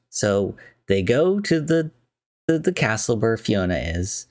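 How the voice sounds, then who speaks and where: A man's voice: lowish voice, big pitch swings, slow, a little mellow, no echo, studio quality. A man casually retelling a film's plot, chatty and rambling, with many fillers.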